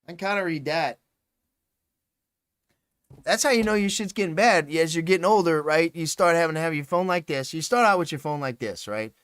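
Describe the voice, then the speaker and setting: A man's voice: on the high side, brisk, fairly bright tone, clean tone, no room sound. A man hosting a casual live stream, rambling, swearing freely and laughing often. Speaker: livestream host.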